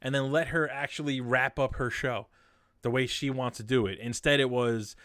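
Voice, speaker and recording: A man's voice: mid-range voice, brisk, fairly bright tone, clear, resonant tone, no room sound, clean studio sound. A man co-hosting a casual podcast, ranting in a heated, exasperated way. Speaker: podcast co-host.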